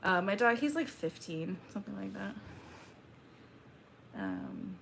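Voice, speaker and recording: A young woman hosting a casual livestream, reading chat aloud and chatting back in a slow, laid-back drawl. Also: medium pitch, huge pitch swings, gravelly, fairly bright tone, slight background noise.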